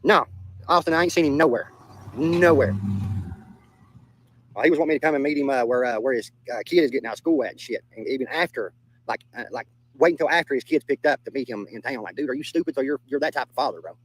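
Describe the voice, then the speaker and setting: Brief: young Southern US man, quick, blunt streamer, curses freely, repeats lines, mid-pitched voice. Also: poor audio. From Southern United States. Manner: blunt, profane, repeats himself. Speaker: livestreamer reading chat. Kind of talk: casual livestream chat.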